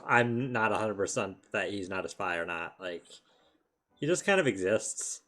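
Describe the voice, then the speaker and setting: A man's voice: on the low side, lively intonation, moderate pace, a bit bright. A man chatting playfully while co-streaming a game, with dry jokes. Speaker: streamer, co-player. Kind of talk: casual chat while playing a game.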